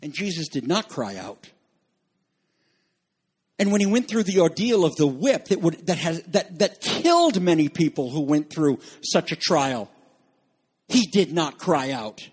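Husky impassioned male preacher. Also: very animated, a little slow. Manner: impassioned preaching, swinging from soaring shouts to hushed low tones. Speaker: pastor. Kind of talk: sermon.

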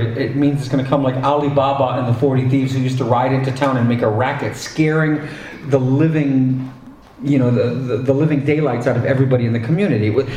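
Animated preacher in an echoey hall. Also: male voice, medium pitch, slight background noise. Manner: conversational, asides and restarts, animated emphasis. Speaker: pastor. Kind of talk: sermon. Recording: echoey hall, distant mic.

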